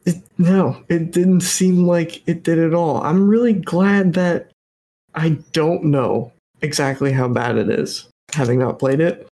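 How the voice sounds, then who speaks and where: A man co-hosting a gaming podcast, rambling with lots of hedges. His voice is a touch high and full of vocal fry. He keeps a loose, casual tone. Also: a little slow, mellow. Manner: rambling, hedging with fillers, laughs between phrases. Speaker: podcast co-host.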